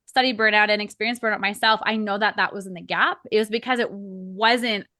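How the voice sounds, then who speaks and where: A woman's voice: mid-range voice, fairly even intonation, a little fast, pushed and bright, no room sound, studio quality. A woman hosting an interview podcast, affirming her guest with many fillers and tag questions. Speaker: podcast host. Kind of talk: casual interview chat.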